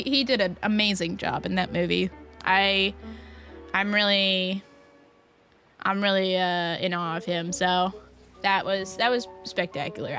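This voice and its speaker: A woman's voice: mid-range voice, sharp tone. A woman streamer chatting casually to her chat while she plays, rambling and restarting her sentences.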